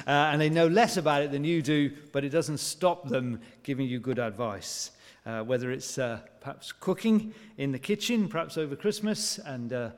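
A man delivers a sermon in a church, his speech wrapped in long, echoing reverb. His mid-pitched voice is a little mellow, and he talks conversationally, leaning on rhetorical questions and filling pauses with "uh" and "um."

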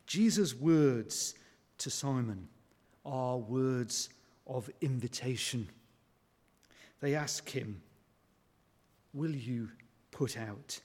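A man preaching a sermon in a conversational way, asking rhetorical questions and pausing on fillers. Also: mid-range voice, darkish tone. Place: church. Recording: long church reverb.

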